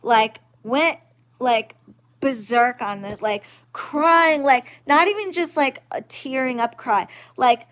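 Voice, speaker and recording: A woman's voice: high-pitched, lively intonation, takes it slowly, a bit bright. A woman who works as a witch and spiritual reader, venting in a vlog in a blunt, profane, emphatic way and keeping on asking "okay?".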